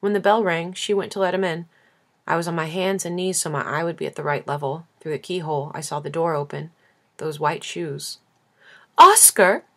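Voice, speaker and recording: A woman reading a novel aloud as an audiobook, measured and intimate. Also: sits low, steady tone. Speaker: audiobook reader.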